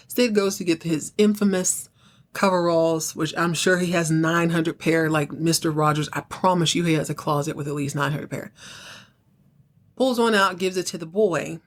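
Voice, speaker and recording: Woman, podcast host, casual recap, animated storyteller, acts out characters' lines. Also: fairly low pitch, a little slow.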